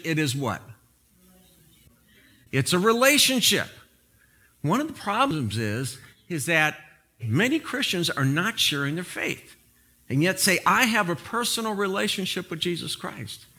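A man preaching a sermon, opening in prayer and telling a humorous story before turning to the message. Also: high-pitched. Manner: animated storytelling with prayer and jokes. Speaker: pastor.

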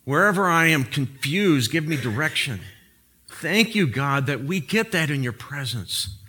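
A pastor with a somewhat high, husky voice preaches at a measured pace. He opens with prayer and tells a funny story before moving into his message, delivering it all as animated storytelling with jokes.

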